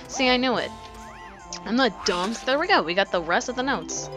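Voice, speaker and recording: A woman's voice: on the high side, lively intonation, normal speed, fairly bright tone, soft background music. Rambling casual woman gamer. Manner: rambling, filler-heavy, swears casually. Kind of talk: casual let's play commentary.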